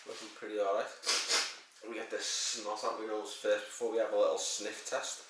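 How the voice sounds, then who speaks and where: Speaking at normal speed in a flat, lowish voice, this man gives a rambling beer review full of crude jokes and curses. The recording is very noisy, the room very echoey, and the mic far away.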